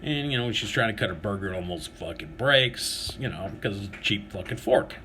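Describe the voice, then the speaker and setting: A man's voice: fairly low pitch, animated, brisk, bright, forceful tone, a little hiss or hum. A man telling a profane, sarcastic story to camera, swearing constantly and acting out other people's lines in a raised voice. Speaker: vlogger. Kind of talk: profane comic storytelling rant.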